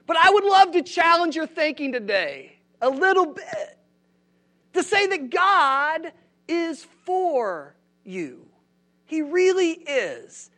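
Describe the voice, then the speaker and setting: A man's voice: very high-pitched, sing-song, slow, pushed and bright. A man preaching a sermon in a church, conversational, often asking the congregation questions. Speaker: pastor.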